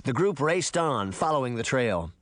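A man reading a storybook aloud with an expressive delivery. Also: medium pitch, moderate pace, no room sound, clean studio sound. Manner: animated, expressive. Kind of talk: storybook narration.

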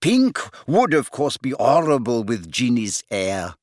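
A man's voice: mid-range voice, huge pitch swings, unhurried, dry recording, studio quality. A man voicing a young bride-to-be chattering on about her wedding plans. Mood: gushing. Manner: gushing monologue.

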